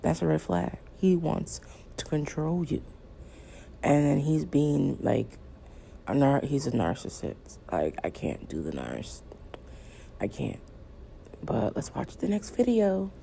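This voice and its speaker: A woman's voice: slow pace, pauses often, slight background noise. A woman hosting a reaction video, commenting casually in a drawling way. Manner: drawling, gravelly, lively pitch.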